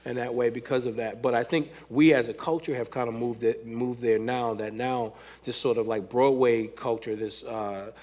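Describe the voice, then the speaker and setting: Animated American man telling stories. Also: medium pitch, normal speed, hardly any pauses. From United States. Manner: animated storytelling, laughs often, acts out quotes. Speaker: hip hop choreographer. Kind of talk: conversational panel talk.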